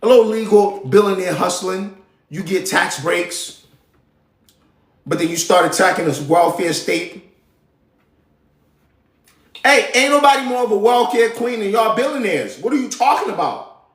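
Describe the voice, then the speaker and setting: Animated man ranting in a roomy space. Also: high voice, a little slow, pauses often. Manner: animated, heated, slangy and profane. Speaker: live show host. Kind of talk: casual political rant.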